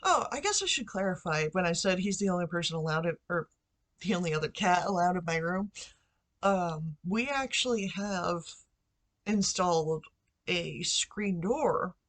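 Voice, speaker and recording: This woman has a fairly low voice with lively intonation and talks at a normal speed. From her bedroom at home she vlogs into a computer microphone, casually spinning a story that wanders through asides and plenty of fillers.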